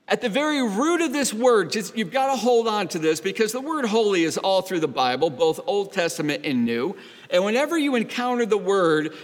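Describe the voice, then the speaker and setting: A man preaching a sermon as a pastor, speaking slowly and deliberately and often repeating words. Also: sits high, in a large hall.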